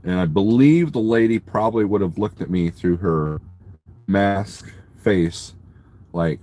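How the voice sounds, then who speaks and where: A man's voice: lowish voice, sing-song, measured pace, darkish tone. A man live-streaming from his parked truck at a truck stop, casually rambling, joking and teasing viewers as he reads their comments. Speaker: trucker livestreamer.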